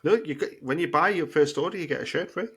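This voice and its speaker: A man's voice: a little high, quick pace, fairly bright tone, husky. A man co-hosting a podcast in casual chat, joking and self-deprecating. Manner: laughs easily, self-deprecating banter. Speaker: podcast co-host.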